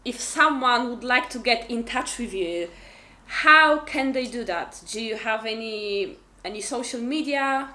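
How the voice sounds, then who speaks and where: Bright effusive woman host, echoey room. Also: on the high side, unhurried. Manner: effusive, grateful, stumbling repeats. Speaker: interview host. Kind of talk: casual interview.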